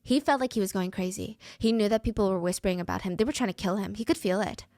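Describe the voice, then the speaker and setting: A woman's voice: medium pitch, fast talker, a little mellow, no room sound, clean studio sound. A woman telling a true crime story in a dramatic way, putting on voices for the people she quotes.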